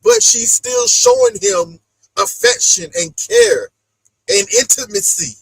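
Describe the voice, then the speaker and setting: A man hosting a casual reality-show recap chat, animated and acting out the people he talks about. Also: very high voice, slow pace, vocal fry, no room sound, low-quality recording. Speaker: podcast host.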